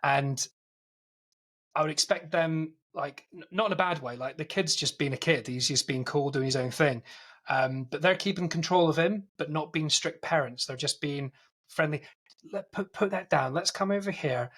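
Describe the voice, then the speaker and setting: A man's voice: on the high side, moderate pace, a bit bright. A man with a worn-down Scottish accent, co-hosting a casual film podcast, teasing and swearing freely as he tells a story. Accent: faint Scottish. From Scotland. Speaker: podcast co-host. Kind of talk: casual chat.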